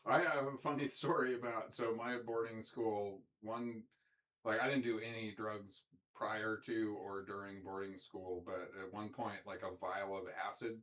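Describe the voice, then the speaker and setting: Young man with a low, rambling voice. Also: steady tone, measured pace, fairly bright tone, low-quality recording. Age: young adult. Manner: rambling, hesitant, fillers like "like" and "um". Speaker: host of the conversation. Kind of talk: casual conversation.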